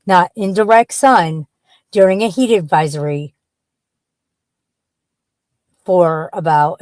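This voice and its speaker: A woman's voice: on the low side, a little mellow, no echo. A woman chatting casually from inside her car, rambling bluntly and swearing freely. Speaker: vlogger. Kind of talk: casual chat.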